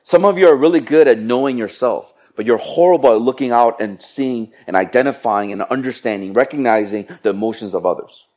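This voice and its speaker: Middle-aged male preacher, lively and joking, talks straight to the congregation. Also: medium pitch, fairly quick, hardly any pauses. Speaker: pastor. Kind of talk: sermon.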